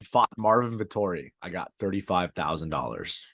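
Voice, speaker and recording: A man's voice: low-pitched, animated, moderate pace, vocal fry, a bit bright. A man co-hosting a fight-sports podcast, talking loosely with plenty of swearing and "dude.". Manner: loose, profane, says dude a lot. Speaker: podcast co-host. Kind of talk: casual sports chat.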